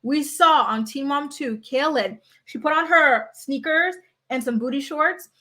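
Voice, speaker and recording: A woman hosting a reality TV recap, talking in an animated, sassy way and mocking the cast. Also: high-pitched, unhurried. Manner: animated, sassy, quotes people in mocking voices. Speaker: host.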